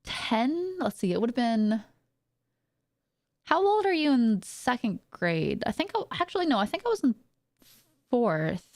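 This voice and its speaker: A woman's voice: on the high side, sing-song, measured pace, long pauses, darkish tone, no echo, studio quality. A woman streamer telling stories in casual chat, rambling with lots of fillers and frequent laughter.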